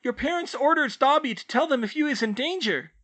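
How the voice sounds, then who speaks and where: A man voicing a timid male house elf servant who squeaks in broken grammar. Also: lively intonation, brisk, fairly bright tone. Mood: apologetic.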